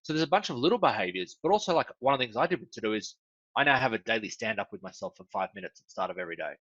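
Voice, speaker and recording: A man guesting on a casual interview, explaining his consulting approach in an animated way with frequent ums and sudden jumps in pitch. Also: very fast, no room sound, dull audio.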